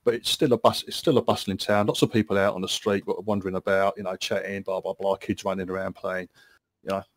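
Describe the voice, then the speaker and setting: A man's voice: low-pitched, flat delivery, fast talker, no room sound. A man, narrating and running a tabletop game as game master, stumbling through restarts and laughing often.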